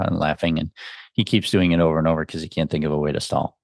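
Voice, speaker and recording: A man's voice: rumbling low, level tone, fast talker, dry recording, studio quality. A man hosting a podcast, giving a casual, musing film review as he thinks aloud. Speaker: podcast host.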